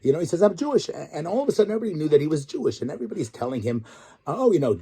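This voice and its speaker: A middle-aged rabbi tells a story in a weekly Torah talk, his voice rising and falling with lively energy. The tone is mellow and warm, with a slightly husky grain, and he acts out the other people in his stories as he goes. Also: a little high, very fast. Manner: animated storyteller, acts out quotes. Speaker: rabbi and tour guide. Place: Israel.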